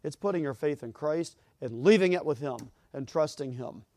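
A man's voice: a little high, lively intonation, moderate pace, mellow, dry recording. A man preaching a sermon, telling stories with acted-out voices that build to emphatic peaks. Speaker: pastor.

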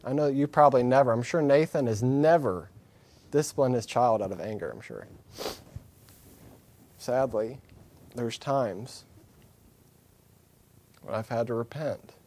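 A man's voice: mid-range voice, a little slow, pauses often, a little mellow. A man preaching a sermon, earnest and candid, driving points home with repeated phrases and slipping in self-deprecating asides. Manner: earnest and candid, with emphatic repetition.

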